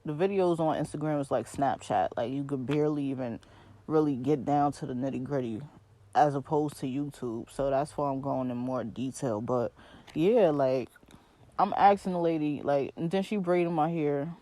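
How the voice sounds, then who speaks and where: A woman in her twenties with a New York accent, hosting her podcast and telling a story in a slangy, animated way, speaking straight to her listeners. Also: low-pitched, moderate pace, dry recording. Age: 20s. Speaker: podcast host. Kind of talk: casual storytelling rant.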